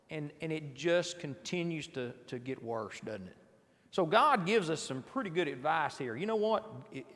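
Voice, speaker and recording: A man's voice: on the high side, a bit bright, big-room sound. A man giving an informal sermon at a midweek church service, talking conversationally and often asking his listeners rhetorical questions. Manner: conversational, asks the audience rhetorical questions, frequent restarts. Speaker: preacher leading a midweek Bible class. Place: church auditorium.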